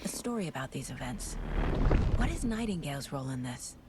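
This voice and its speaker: An actress playing a calm, focused woman FBI profiler, speaking in a measured, low-key way in a video game. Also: heavy background noise. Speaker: FBI agent investigator. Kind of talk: game voice acting.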